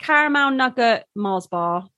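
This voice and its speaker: A woman's voice: fairly high pitch, expressive, unhurried, pushed and bright, dry recording. A woman co-hosting a podcast, chatty and giggly in casual conversation. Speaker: podcast co-host. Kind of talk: casual chat.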